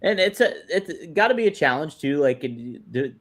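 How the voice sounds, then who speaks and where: A man's voice: a little high, big pitch swings, normal speed, fairly bright tone. A man co-hosting a live stream, chatting in an easygoing, agreeable way. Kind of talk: casual live-stream chat.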